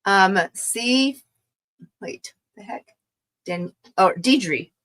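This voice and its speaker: Speaking in a mid-range voice with lively intonation, this middle-aged woman stretches out her words and sounds a bit bright. She's hosting a casual livestream craft sale from her craft room, exclaiming over pieces and laughing often, captured on a rough recording.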